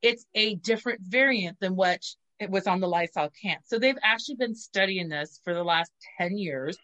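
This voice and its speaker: A woman in casual chat, telling crude, animated stories and acting out what people said. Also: mid-range voice, moderate pace, dull audio. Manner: crude, animated storytelling with voiced quotes.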